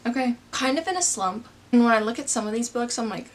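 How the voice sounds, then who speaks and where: Chatty young woman vlogger, slightly high. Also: normal speed. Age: 20s. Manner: chatty, rambling, self-deprecating. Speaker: book vlogger. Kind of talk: casual chat.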